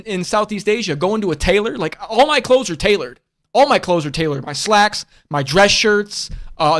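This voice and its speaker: Man, high-pitched voice, livestream host, casual rambling chat, blunt and profane. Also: fairly bright tone.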